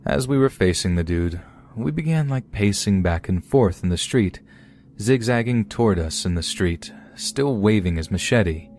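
Deep-voiced man narrating horror stories. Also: expressive, normal speed, darkish tone, a little hiss or hum. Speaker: podcast host reading listener stories. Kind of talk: scripted horror story narration.

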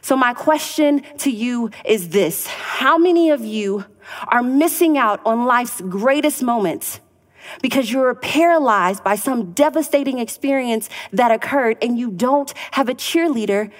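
A woman's voice: fairly high pitch, measured pace. A woman giving a motivational stage talk, telling stories and acting out the dialogue as she goes. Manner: animated storytelling, acting out dialogue. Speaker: inspirational speaker. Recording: reverberant hall.

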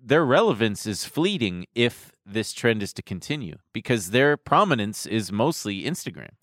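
A man's voice: on the low side, very animated, moderate pace, a bit bright, no room sound, studio quality. A man co-hosting a podcast in casual chat, blunt and joking, with frequent profanity. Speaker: podcast co-host.

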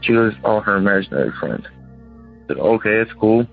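A man's voice: lowish voice, expressive, normal speed, creaky. A man in his thirties, a caller rambling through a ghost story and acting out the voices of the people in it. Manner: rambling, acts out quoted voices. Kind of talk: casual phone-in storytelling. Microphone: phone. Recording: tinny phone line with faint music.

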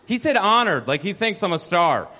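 A man's voice: high voice, sing-song, normal speed, bright, forceful tone. A young adult man doing a stand-up comedy set at a live venue, telling a chatty, self-deprecating story.

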